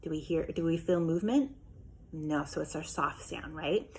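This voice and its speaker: A woman teaching young children remotely, with a fairly low voice. She patiently sounds out each letter sound and checks in with the class. A faint hum sits in the background of her home recording. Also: moderate pace, vocal fry. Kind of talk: remote phonics and writing lesson.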